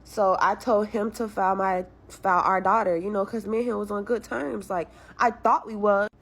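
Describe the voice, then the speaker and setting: A woman's voice: medium pitch, steady tone, moderate pace, a bit bright. A young woman venting about her struggles in a blunt, frustrated way, cursing heavily as she tells her story. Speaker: caller telling her story.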